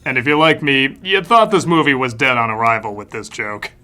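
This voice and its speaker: A man's voice: medium pitch, a little fast, sharp tone, clean tone. A man giving a scripted comedic film review with a sarcastic, wry delivery. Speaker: film critic.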